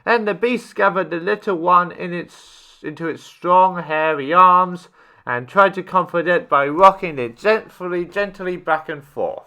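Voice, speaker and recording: Bright-voiced man reading a story aloud. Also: sits high, a little slow, muffled recording. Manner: steady reading with small slips and restarts.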